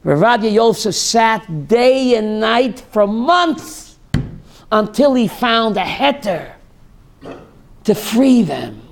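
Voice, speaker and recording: Rabbi guy with a high gravelly voice, slow, tells stories and quizzes the room. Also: big pitch swings, a little hiss or hum. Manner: storytelling, asks the audience questions and answers them; dramatic, voices screaming characters in quotes. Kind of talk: lecture to a class.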